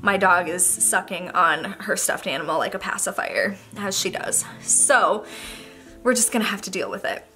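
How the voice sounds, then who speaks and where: A young woman talks straight to a camera propped on a tripod in her bedroom. She speaks at a middle pitch, candid and rambling, opening up emotionally. Faint music runs underneath. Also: expressive, normal speed, pushed and bright. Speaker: vlogger. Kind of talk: personal talk to camera.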